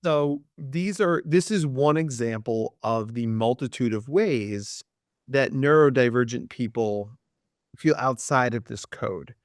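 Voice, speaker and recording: A man, a clinical psychologist, talking in a podcast interview and acting out quoted people with big jumps in pitch. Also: takes it slowly, dry recording, studio quality.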